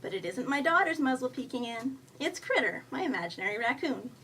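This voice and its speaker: A woman in her thirties reads her own humorous first-person story aloud, wry and self-mocking. Her voice is high and bright. She sounds a little far from the mic, with faint noise underneath. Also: very animated, brisk. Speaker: author reading her story. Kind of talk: live reading of first-person humorous prose.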